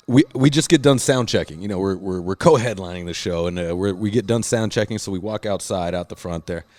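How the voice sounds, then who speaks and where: A man's voice: fairly low pitch, no room sound. A man telling stories in a casual chat, rambling and swearing, often doing other people's voices. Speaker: podcast host and musician.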